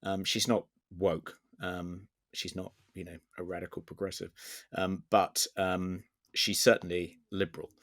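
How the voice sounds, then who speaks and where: British man, very deep voice, measured, hesitant, podcast co-host, dry close mic. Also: level tone, a bit bright, no room sound. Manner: measured, with frequent ums and restarts. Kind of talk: casual discussion.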